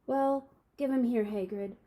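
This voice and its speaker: A woman voicing a stern, brisk older female witch professor who scolds in a raised voice. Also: a little high, mellow, pitched above the performer's own voice, natural voice.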